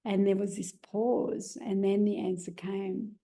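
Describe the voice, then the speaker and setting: Woman, Australian accent, earnest personal storytelling, gravelly, mellow. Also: medium pitch, little pitch movement, measured pace. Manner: earnest, many "you know" fillers. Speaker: guest telling her story.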